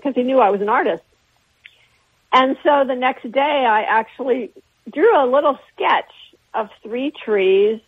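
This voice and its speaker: An older woman recounts her memories at length, circling back and restarting her sentences. Her voice is somewhat high and a little husky. It comes through a narrow, tinny phone line on a radio broadcast. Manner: rambling, with frequent restarts and laughter. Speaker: interview guest, artist. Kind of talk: anecdotal storytelling in an interview.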